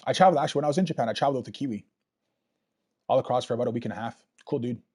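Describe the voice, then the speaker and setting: A man's voice: mid-range voice, rapid-fire, darkish tone, husky. A man giving rambling, casual commentary while playing a video game and chatting with viewers. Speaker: let's play streamer.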